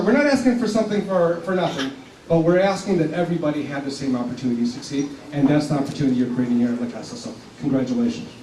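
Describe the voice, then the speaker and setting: A man's voice: sits high, a little mellow, slight background noise. A man in his seventies from South Texas gives an earnest, passionate public speech as a community organization leader. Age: 70s. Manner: earnest and passionate, at times choked up with emotion. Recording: echoey hall, speaker far from the mic.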